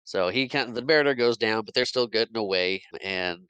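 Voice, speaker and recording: A man with a fairly low voice that still sounds bright and punchy recaps a film for a podcast. He talks casually, stumbling and restarting phrases. The sound is close and dry, with no room echo. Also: brisk, clear, resonant tone, highs cut off. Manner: retells scenes at length with many restarts and little laughs. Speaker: podcast co-host. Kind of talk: casual movie recap chat.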